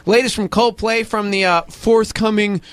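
High-voiced joking male radio host. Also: fairly even intonation, moderate pace, no echo. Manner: jokey, reads out the call-in number. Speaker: radio morning show host. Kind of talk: casual radio banter. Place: radio studio.

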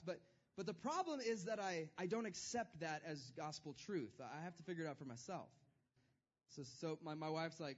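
A man's voice: high voice, a little fast, highs cut off. A man preaching a sermon as pastor, in a loose conversational style with self-deprecating humor.

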